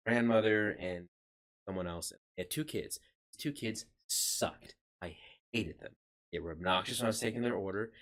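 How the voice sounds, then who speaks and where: A young man co-hosting a casual podcast, telling stories from work in a blunt, relaxed way. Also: on the low side. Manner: relaxed storyteller, blunt and swearing. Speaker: podcast co-host. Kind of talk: casual chat.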